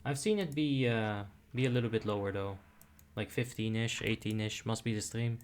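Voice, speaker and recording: A man's voice: lowish voice, moderate pace, a little hiss or hum. Chatty young man streaming a raid. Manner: chatty, self-deprecating, muttering asides. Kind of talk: casual gameplay commentary.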